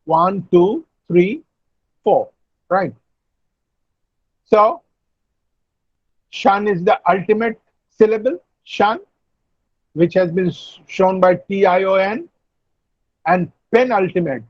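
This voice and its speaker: A man lecturing an online class, explaining slowly, repeating and spelling out words. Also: sits high, no room sound, lo-fi sound. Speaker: university lecturer. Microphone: video call.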